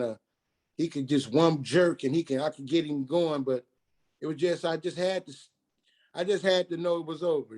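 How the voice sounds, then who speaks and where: Dark-voiced man telling a painful story. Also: a little high. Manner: halting, repeats and restarts, quoting others in dialogue. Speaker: guest telling his life story. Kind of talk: personal storytelling on a radio talk show.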